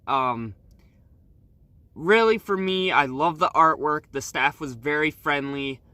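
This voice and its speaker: A man talking casually as a travel vlogger, relaxed and rambling with fillers, on a new microphone. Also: a little high, no echo. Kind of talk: casual vlog review.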